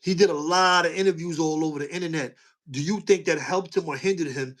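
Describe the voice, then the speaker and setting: High-pitched host guy, keeps saying hold on, pushing back in a casual debate. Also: fairly quick. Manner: challenging, cuts in with "hold on".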